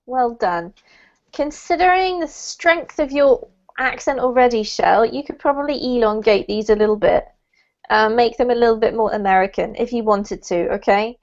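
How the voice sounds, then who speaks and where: A woman's voice: a little high, normal speed. A woman teaching English pronunciation in an online class, chatty and encouraging, with a light laugh. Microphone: video call. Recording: dull lo-fi call audio.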